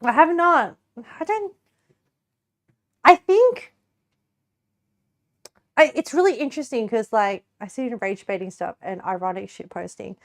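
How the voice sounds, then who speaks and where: A woman's voice: fairly high pitch, measured pace, long pauses. A young Australian woman chatting casually while baking on a stream, giggling often and rambling with lots of restarts.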